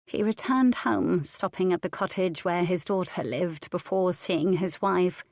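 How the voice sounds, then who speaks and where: A woman reading a historical romance audiobook aloud in a measured storytelling manner. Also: fairly low pitch, a little mellow, no echo, studio quality. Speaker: audiobook narrator. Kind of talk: scripted audiobook narration.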